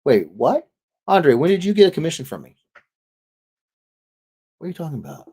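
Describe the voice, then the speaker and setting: A man's voice: a little high, wildly swooping pitch, normal speed, long pauses, mellow, husky. A man in his thirties, an illustrator chatting casually with viewers on a live stream as he draws, joking, rambling and reading comments aloud. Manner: rambling and jokey, reads chat aloud, frequent restarts. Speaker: illustrator streaming while drawing.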